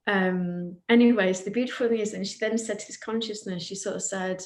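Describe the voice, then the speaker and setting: A woman's voice: medium pitch, expressive, moderate pace. Earnest woman in an echoey room. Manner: warm, earnest retelling of a client session, quoting her softly. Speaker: podcast co-host. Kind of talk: casual storytelling chat.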